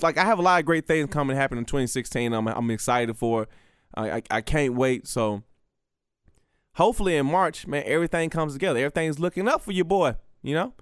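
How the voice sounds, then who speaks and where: A young man, a stand-up comedian, rambles to camera with cursing and stammered restarts. His voice sits fairly high and sounds smooth and resonant, recorded close and dry. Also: fairly bright tone, no echo. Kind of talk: casual talk to camera.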